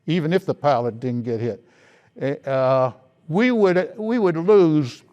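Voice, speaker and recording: Older man with a smooth voice, recollecting. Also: on the high side, expressive, a little mellow, dull audio. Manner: slow, reflective storytelling. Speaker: interviewee, veteran. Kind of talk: oral history recollection.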